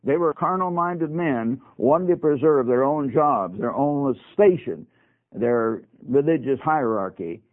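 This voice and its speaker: A man's voice: medium pitch, expressive, measured pace. A man teaching a broadcast sermon on scripture, emphatic, with folksy asides to his listeners. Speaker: radio Bible teacher. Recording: narrow, phone-like radio sound.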